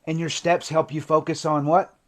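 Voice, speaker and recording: Recovery coach, male, high-pitched, fervent and emotional, hushed then intense, live stream monologue. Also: little pitch movement, normal speed. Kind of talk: impassioned livestream monologue.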